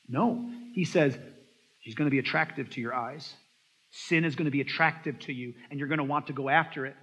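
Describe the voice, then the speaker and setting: A man's voice: medium pitch, fairly quick, breathy edge. A man preaching a sermon as a pastor, telling stories and acting out the voices of the people in them. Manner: animated storytelling, acts out quoted voices. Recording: dull lo-fi sound in a long-echo hall.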